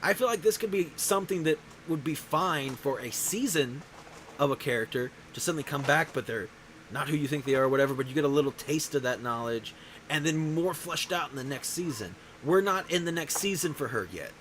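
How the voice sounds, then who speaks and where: Brisk and a bit bright, with a voice on the high side and lively intonation, a man hosts a show in casual, rambling chat, often breaking off to restart what he's saying. It's a low-quality recording with slight background noise.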